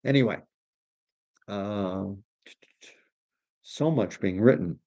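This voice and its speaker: A man's voice: on the low side, slow, dark tone, no room sound, lo-fi sound. A man from Canada hosting a casual livestream, reading viewer comments and rambling with frequent restarts. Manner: rambling, self-correcting, reads comments aloud. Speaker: livestream host.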